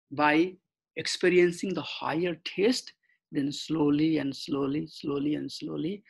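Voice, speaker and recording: A man giving an online scripture class, halting, with many fillers and restarts. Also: a little high, vocal fry, husky, low-quality recording. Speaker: scripture study teacher. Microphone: computer mic on a video call.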